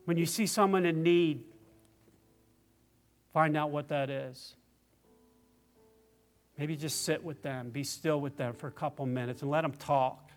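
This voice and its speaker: A man preaching a personal testimony sermon, tearful and halting, restarting his phrases often. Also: on the high side, soft background music.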